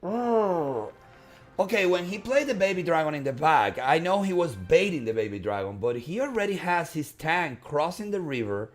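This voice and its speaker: Male esports caster, higher register, reactive play-by-play, faint background music. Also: very animated, a little fast, few pauses. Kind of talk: live game commentary.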